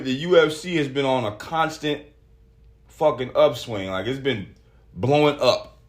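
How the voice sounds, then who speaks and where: A man hosting a solo podcast, talking casually with lots of swearing and reading articles aloud in an animated way. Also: fairly high pitch. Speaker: podcast host.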